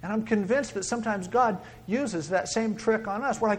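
A man preaching a sermon, dramatic, swinging between loud exclaiming and hushed whispering. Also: high-pitched, normal speed, hardly any pauses, slight background noise.

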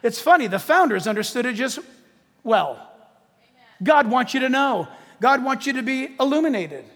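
A man preaching a sermon in a lively, joking way, acting out quotes from the text. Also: extremely high pitch, moderate pace, in a large hall. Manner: animated, jokey preaching with acted-out quotes. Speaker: pastor.

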